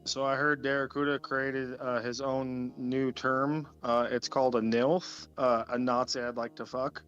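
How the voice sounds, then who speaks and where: A man's voice: medium pitch, little pitch movement, measured pace, a bit bright, dull audio, soft background music. A man in casual joking podcast chat, teasing and laughing often.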